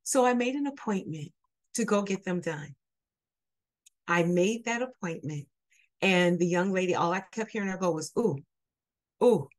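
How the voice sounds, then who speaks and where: A woman's voice: on the low side, expressive, normal speed, long pauses. A woman guest telling a personal story in an earnest, candid way, with fillers and restarts. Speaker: guest sharing her story.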